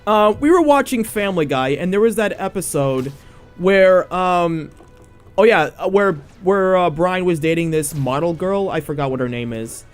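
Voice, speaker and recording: A man talks through a video game in casual commentary, teasing his co-host and rambling along. His voice moves around a lot in pitch, and his humor leans dry and sarcastic. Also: expressive, normal speed, faint music behind. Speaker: let's play co-host.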